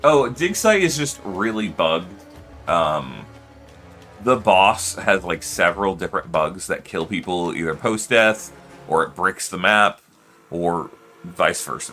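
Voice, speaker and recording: A man's voice: deep voice, sharp tone. A man streaming and chatting casually, rambling with lots of fillers and loose swearing. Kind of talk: casual livestream chat.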